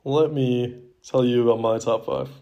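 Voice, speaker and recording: A man's voice: medium pitch, fairly even intonation, moderate pace, gravelly, mellow, muffled recording, a little hiss or hum. Young guy cohosting a movie podcast, medium voice, upbeat, teases his buddy and runs the segment. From Asheville area. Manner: upbeat, teasing, leads the segment. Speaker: podcast co-host. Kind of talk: casual movie podcast chat.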